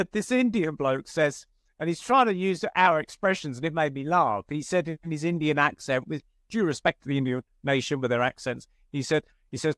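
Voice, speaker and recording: A man's voice: on the high side, fairly bright tone, dry recording, clean studio sound. A man with a British accent hosting a podcast, chatty and telling anecdotes with laughter. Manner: chatty storyteller, laughs at his own tales. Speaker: podcast host. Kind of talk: casual conversation, anecdote telling.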